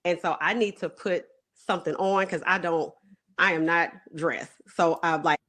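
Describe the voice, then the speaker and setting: A woman's voice: on the low side, fairly even intonation, normal speed, fairly bright tone. A woman in her forties from Houston with a Texan country accent, chatting casually as a caller on a show. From Houston, Texas. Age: 40s. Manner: chatty, talks while busy. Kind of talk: casual call-in chat.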